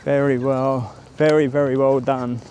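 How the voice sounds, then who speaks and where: A man's voice: medium pitch, level tone, measured pace, darkish tone, a little hiss or hum. A man giving a chatty, rambling walking-tour vlog outdoors by a stadium, filming on a handheld camera or phone and greeting passers-by. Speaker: travel vlogger.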